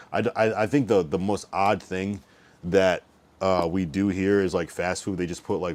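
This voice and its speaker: A young man hosting a livestream, chatting loosely, swearing freely and trailing off into mumbles. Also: sits low. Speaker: livestream host. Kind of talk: casual rambling chat.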